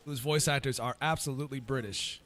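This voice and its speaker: A man's voice: mid-range voice, steady tone, fairly quick, fairly bright tone. A man commentating casually over his gameplay as a gaming YouTuber, rambling with lots of fillers. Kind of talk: let's-play commentary.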